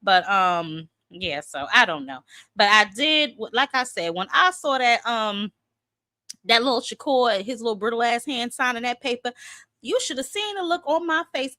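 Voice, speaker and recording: A woman's voice: fairly high pitch, lively intonation, normal speed, pushed and bright, dry recording, clean studio sound. A woman hosting a casual boxing livestream, dramatic and sassy, calling her viewers honey and child.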